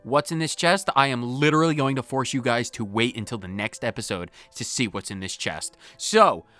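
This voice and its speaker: A man's voice: mid-range voice, normal speed, bright, forceful tone. A man hosting a casual game playthrough, reading the on-screen dialogue aloud and cracking playful jokes. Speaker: let's play host. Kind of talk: casual gameplay commentary.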